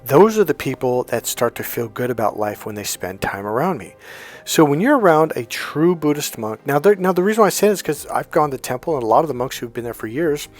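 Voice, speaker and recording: A man's voice: fairly high pitch, very animated, brisk, faint music behind. A man coaching in a casual motivational monologue, talking conversationally with frequent restarts and quoted dialogue. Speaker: dating and healing coach.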